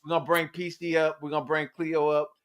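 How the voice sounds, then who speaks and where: A man hosting a casual group podcast, talking loudly and animatedly with a lot of swearing. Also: a little high, quick pace, clear, resonant tone. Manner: loud, animated, profane. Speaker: podcast host.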